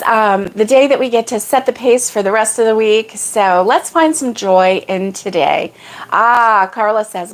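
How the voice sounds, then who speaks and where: A middle-aged woman chats her way through a relaxed morning livestream, meandering from one homey story to the next. Her pitch sits in an ordinary middle range, rising brightly whenever she calls out a hello to a viewer by name. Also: measured pace. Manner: rambling and homey, greets viewers by name in a lifted voice. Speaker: livestream host. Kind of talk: casual morning livestream chat.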